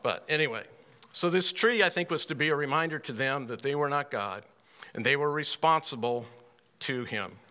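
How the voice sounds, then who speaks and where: A man teaching a Bible class in a folksy, unhurried way, with dry little asides. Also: fairly high pitch, pushed and bright.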